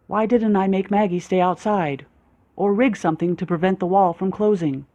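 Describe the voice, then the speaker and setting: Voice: medium pitch, a little mellow, highs cut off. An audiobook reader narrating in the first person with a dry, sarcastic, self-mocking manner.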